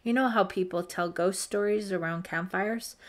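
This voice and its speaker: Woman voicing a friendly teen boy counselor, teasing, relaxed delivery. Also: mid-range voice, moderate pace, natural voice. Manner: easygoing, teasing.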